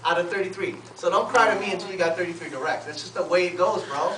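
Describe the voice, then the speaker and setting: A man giving an animated sales training talk, joking and acting out his talks with clients. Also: high-pitched, quick pace, crowd noise. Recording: echoey room, distant mic, noisy.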